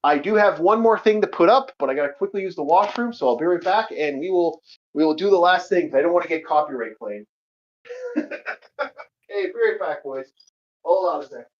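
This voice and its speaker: A man's voice: a little high, animated, a little fast, dull audio. A man hosting a casual group voice call, loose and joking, swearing casually, recorded on a home computer mic. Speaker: host.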